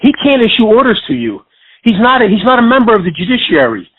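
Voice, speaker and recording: Insistent high-voiced man on a phone line. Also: big pitch swings, fast, breathy edge, dry recording. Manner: insistent, lecturing, repeats himself. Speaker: radio host giving legal advice. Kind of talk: call-in radio talk. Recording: dry phone-line sound.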